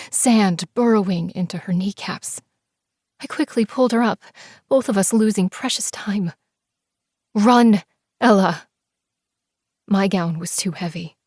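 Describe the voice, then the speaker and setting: A woman narrating a first-person romance audiobook, expressive and sometimes dropping to soft whispers. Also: mid-range voice, dry recording, studio quality. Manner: expressive, breathless in tense scenes, shifts into soft whispers.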